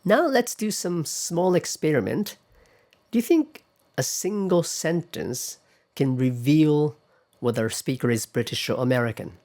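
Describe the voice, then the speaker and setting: Slow-speaking male lecturer. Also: on the high side, expressive, darkish tone. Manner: patient, explains step by step, asks the class questions. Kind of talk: classroom lecture on pronunciation.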